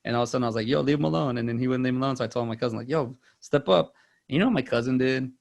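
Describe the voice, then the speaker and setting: A man's voice: medium pitch, rapid-fire, vocal fry, darkish tone. A man in his thirties co-hosting a casual movie podcast, rambling with many fillers and restarts. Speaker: podcast co-host.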